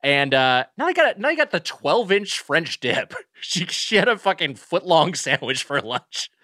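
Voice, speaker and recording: A man co-hosting a podcast, chatting casually about fast food with lots of restarts and emphatic complaints. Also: fairly high pitch, big pitch swings, sharp tone, dry recording, studio quality. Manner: rambling, restarts often, emphatic. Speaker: podcast co-host. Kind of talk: casual comedic food review chat.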